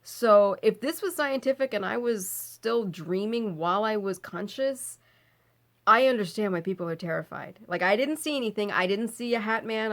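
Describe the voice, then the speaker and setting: A woman recounts a frightening night in casual storytelling. Her voice sits in an average pitch range. She is animated, breaks into laughs often, and swears freely when describing fear. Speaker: vlogger.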